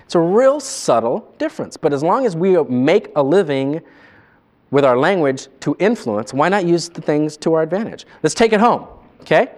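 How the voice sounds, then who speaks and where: A man training salespeople in a live seminar, animated and quizzing his audience. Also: on the high side, moderate pace.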